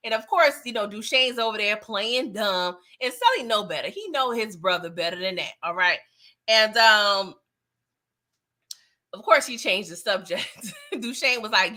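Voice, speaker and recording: Bright, chatty woman recapping a show. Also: on the high side, expressive, moderate pace. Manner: chatty, slangy, laughs often. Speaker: TV recap reviewer. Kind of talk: casual reaction recap.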